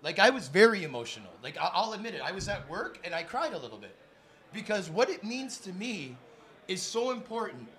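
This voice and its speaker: A young man hosts a live podcast taping with a bright, high voice that swoops up and down. He talks like an excited announcer, building big introductions for his guests. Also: brisk. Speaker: podcast host. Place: sports bar studio.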